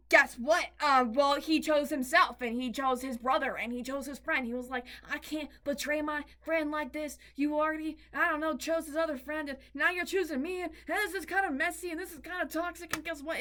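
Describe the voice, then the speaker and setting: A young woman with a slightly high voice shares a confessional storytime with her viewers. She talks candidly and emphatically, repeats words for weight, and swears freely. Her tone swings between giddy excitement and tearful quiet. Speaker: vlogger.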